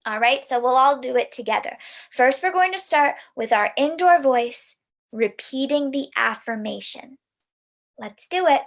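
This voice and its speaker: A woman leading a mindfulness lesson for children, giving gentle, soothing instructions. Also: high-pitched, lively intonation, moderate pace, creaky. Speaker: mindfulness teacher.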